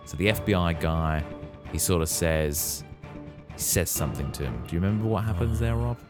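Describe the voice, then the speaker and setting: A man hosting a podcast, retelling a movie plot in a relaxed way and quizzing his co-host. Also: low-pitched, brisk, over music. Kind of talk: casual movie recap.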